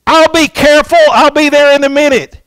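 A man's voice: extremely high pitch, steady tone, a little fast, a bit bright, dry recording, voice pushed up, low-quality recording. A male preacher voicing a little boy who calls back eagerly in a sermon story.

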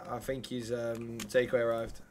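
A man streaming a police role-play game, loud and cheeky, swearing freely and reading out chat shout-outs. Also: medium pitch, level tone, normal speed, a little hiss or hum. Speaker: streamer playing a police officer.

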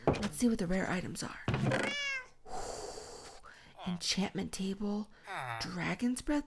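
Woman, ASMR gameplay commentary, soft whispering, creaky voice, steady background noise. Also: mid-range voice. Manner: soft whispering, chatty asides to the game animals. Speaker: gaming channel host.

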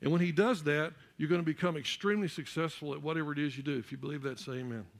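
A man preaching a church sermon, building up to loud, emphatic peaks and repeating words as he searches for the next one. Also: a little high, fairly even intonation, racing, gravelly. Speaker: pastor.

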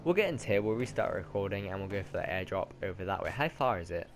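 A lower-voiced British man talks through his game in a casual, rambling way. He corrects himself often and chats as if to himself. A faint hum sits under the recording. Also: big pitch swings, fast, creaky. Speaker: gaming commentator. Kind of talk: casual let's-play commentary.

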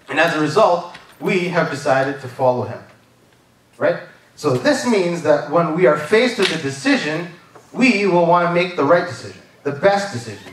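A man with a fairly high voice and a little hiss or hum preaches a sermon at a church service. He's chatty, keeps asking "right?" and "amen?", and sounds far off in a big, echoey room.

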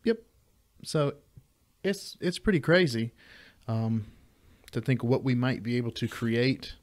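Animated laughing podcast host, man. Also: medium pitch. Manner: animated, laughs often, quick storytelling. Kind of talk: casual chat over beers.

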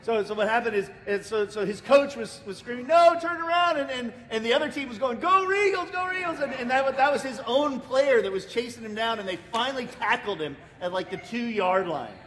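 A man's voice: a little fast, hardly any pauses. An American man preaching a sermon as pastor, telling a story with lots of repeated words and restarts. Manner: lively storytelling, acting out the people in it. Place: church sanctuary. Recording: reverberant church hall, faint rumble.

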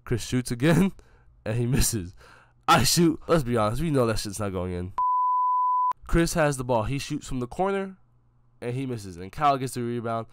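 A man's voice: mid-range voice, sing-song, normal speed, pauses often, noisy background. A young man giving casual, joking play-by-play commentary over his own game footage, hyping a friend and mocking himself.

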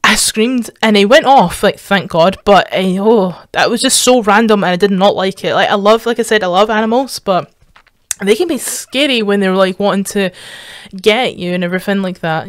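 A woman's voice: medium pitch, dry recording. A Scottish woman chatting through a reaction video in a loose, rambling way, swearing freely and squealing when something grabs her. Her voice sits in an ordinary middle register and sounds dry and close, with no room around it. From Scotland. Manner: rambling, sweary, bursts into excited squeals and laughs. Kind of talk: casual reaction commentary.

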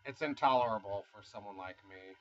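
A man's voice: lowish voice, a little fast, muffled recording, a little hiss or hum. A man in his fifties from the United States, rambling casually and self-deprecatingly in a vlog, with chuckling asides. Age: 50s. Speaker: YouTuber. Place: home studio.

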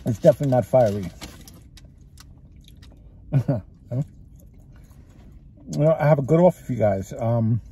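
Man, Texas drawl, gravelly, mellow low tone, rambling food vlog, parked car. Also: lively intonation, measured pace, long pauses. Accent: Texas-sounding drawl. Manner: rambling, chatty, talks while chewing. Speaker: food vlogger. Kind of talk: casual eating vlog. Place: parked car with engine running.

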